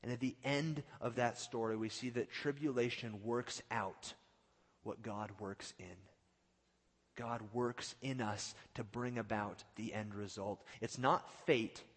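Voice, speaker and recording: Man preaching, dramatic loud-to-hushed delivery, long hall reverb. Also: mid-range voice. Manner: dramatic swings from loud to hushed, acts out quotes. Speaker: pastor. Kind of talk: sermon.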